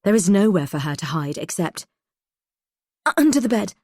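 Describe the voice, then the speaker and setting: A woman reading a first-person thriller audiobook in a tense, measured way. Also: mid-range voice, sing-song, warm tone, husky, no echo, studio quality. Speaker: audiobook narrator.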